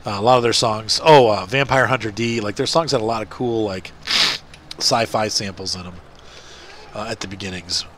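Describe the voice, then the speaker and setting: A man's voice: lowish voice, moderate pace, a bit bright, a little hiss or hum. A middle-aged man with a stuffed-up nose, chatting casually and rambling while he plays a farming game. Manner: rambling, self-deprecating chatter. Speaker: gaming video host. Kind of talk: casual chat while playing.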